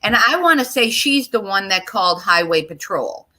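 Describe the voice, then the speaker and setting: Earnest middle-aged woman, bright voice. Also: medium pitch, lively intonation, poor audio. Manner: earnest, halting with pauses and repeats, speaks straight to listeners. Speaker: interview guest. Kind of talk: emotional personal account in an interview.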